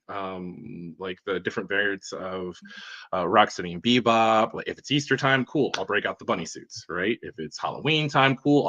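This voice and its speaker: A man's voice: lowish voice, fairly bright tone, lo-fi sound. A man guesting on a casual livestream chat, upbeat and reflective, peppering his talk with "like" and "right?". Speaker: guest collector.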